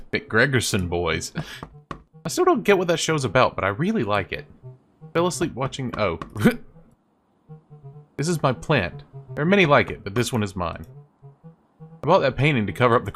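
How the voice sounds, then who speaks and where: A woman voicing a weary, down-on-his-luck man in a game, speaking in a low, dry, deadpan way. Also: exaggerated voice. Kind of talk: voice-acting a game.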